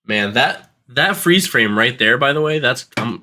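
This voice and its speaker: A man's voice: mid-range voice, lively intonation, normal speed, hardly any pauses, bright, forceful tone. A man co-hosting a casual podcast, joking around and swearing freely. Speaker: podcast co-host. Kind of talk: casual chat.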